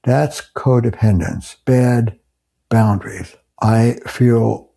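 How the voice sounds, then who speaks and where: A man's voice: medium pitch, steady tone, slow, creaky, mellow. An older man, a couples therapist, earnestly explaining ideas to camera and acting out example phrases. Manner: earnest, emphatic, acts out example quotes.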